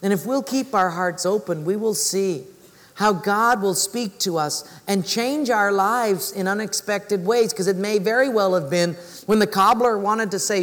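A male preacher telling a story in a sermon, animated and acting out voices. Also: high-pitched, unhurried. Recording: reverberant hall.

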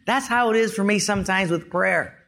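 A man preaching a sermon, talking in an animated, folksy storytelling way. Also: high-pitched, a little fast, gravelly. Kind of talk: sermon with a told joke.

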